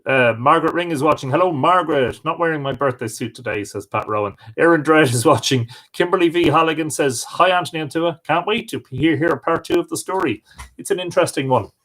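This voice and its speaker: A man's voice: fairly high pitch, brisk, fairly bright tone. A man with an Irish accent hosting a live stream from home, cheerfully greeting viewers by name. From Ireland. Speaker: host.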